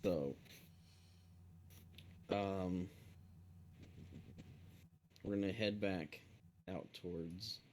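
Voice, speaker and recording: Slow, hesitant man playing a tabletop game. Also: deep voice, fairly even intonation, a little mellow, slight background noise. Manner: slow, hesitant, searching for words. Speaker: player. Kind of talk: tabletop role-play, in and out of character.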